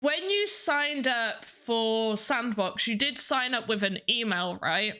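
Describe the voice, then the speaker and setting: A woman's voice: fairly high pitch, expressive, slow, pushed and bright, clean tone. A young woman hosting a livestream, chatting casually to her viewers with a self-mocking manner. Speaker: livestream host.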